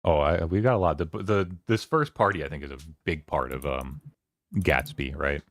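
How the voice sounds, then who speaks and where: A man's voice: a bass voice, moderate pace, no room sound, clean studio sound. A man hosting a casual book club discussion on a stream, rambling and paraphrasing scenes from the story.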